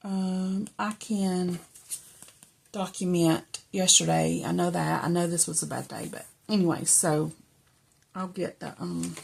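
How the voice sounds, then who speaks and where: A middle-aged woman, chatting casually and rambling softly as she journals, often dropping to a whisper. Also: fairly low pitch, level tone, measured pace, vocal fry, husky. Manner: rambling, soft-spoken, drifts into whispers. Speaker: journaling vlogger.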